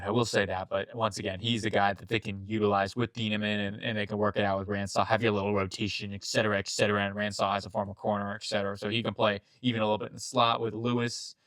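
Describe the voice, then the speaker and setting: A young man hosting his channel, chatting through a football mock draft in a rambling, casual way, full of asides and quick self-corrections. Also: fairly low pitch, a bit bright, dry recording. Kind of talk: casual sports commentary.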